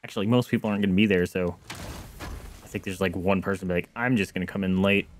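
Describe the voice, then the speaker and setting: A young man streaming a game, chatting casually to viewers in a rambling way, with excited yelps and outbursts. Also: low voice, fast, slight background noise. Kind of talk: casual gameplay chat to viewers.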